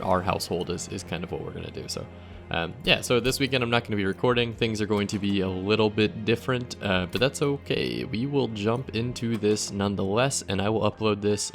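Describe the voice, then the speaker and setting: A young man hosting a casual gaming video, thinking aloud as he plays, relaxed and often trailing off mid-thought. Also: fairly low pitch. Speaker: gaming channel host. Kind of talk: casual let's play commentary.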